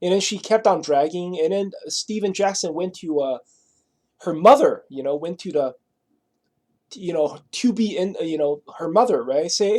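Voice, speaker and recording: A man's voice: high-pitched, animated, normal speed, a little mellow. A man telling a story in a rambling monologue, casual and profane, always adding "right?" and "you know?". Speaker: vlogger.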